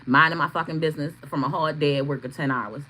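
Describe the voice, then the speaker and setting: A woman's voice: low-pitched, steady tone, fast talker, sharp tone, slight background noise, rough recording. A middle-aged woman, telling a profane, blunt story on a casual livestream and greeting chat viewers by name. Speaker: tarot reader streaming live.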